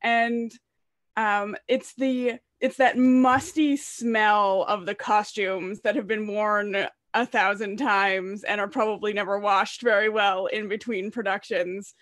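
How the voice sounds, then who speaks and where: A woman's voice: medium pitch, steady tone, slow pace, fairly bright tone, no room sound, clean studio sound. A woman playing in a tabletop mystery game, chatting casually with lots of filler words. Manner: chatty, light, filler-heavy. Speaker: player.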